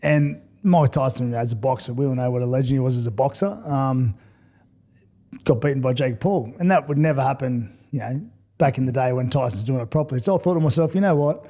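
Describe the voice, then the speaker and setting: A man's voice: medium pitch, fairly quick. A man in his forties with an Australian accent, a former footballer turned boxer, bluntly telling his story as a podcast guest. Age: 40s. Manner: blunt, animated, acts out past conversations.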